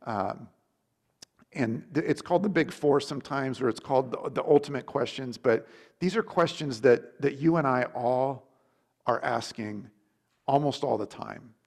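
A man giving a sermon in an easy, talky way, as if chatting with friends. He trips over his words, restarts often and leans on "like". He slips into quoted questions with shifting voices, at a middle pitch. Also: normal speed, vocal fry. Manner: casual, rambling, many restarts and "like". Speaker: preacher. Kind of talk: conversational sermon.

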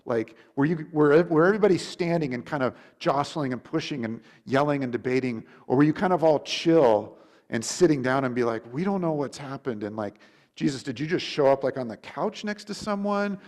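A man's voice: fairly high pitch, brisk, darkish tone. A man preaching in a loose, conversational sermon, with frequent restarts, many uses of "like", and quoted questions acted out in changing voices. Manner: casual, rambling, many restarts and "like".

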